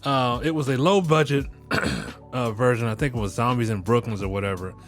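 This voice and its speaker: A middle-aged podcast host jokes and rants with profanity in a very animated, mid-range voice at a normal pace, often breaking into laughter. His talk is casual commentary. Soft music plays in the background.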